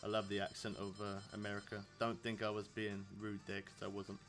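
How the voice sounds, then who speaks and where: Over faint music, a man in his thirties from England streams a fishing game and chats casually, rambling and laughing often. His delivery is completely flat and brisk, his voice on the low side with a fairly bright tone.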